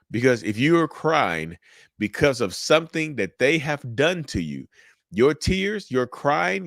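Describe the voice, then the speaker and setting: A man giving casual, animated commentary to his viewers, repeating his points and calling them y'all. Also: mid-range voice, no room sound, clean studio sound. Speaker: mental health commentator.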